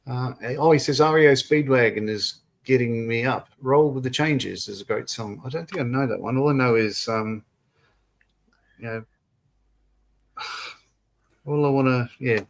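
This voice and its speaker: A man's voice: mid-range voice, normal speed, vocal fry. Man, livestream co-host, casual chat, reads comments aloud, laughs often. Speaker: co-host of a model-building livestream.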